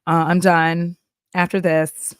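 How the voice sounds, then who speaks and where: A woman's voice: on the low side, flat delivery, takes it slowly, smooth, no echo, clean studio sound. A young adult woman from Texas, chatting casually on a live stream, laughing often and acting out little voices. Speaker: streamer reacting to a video.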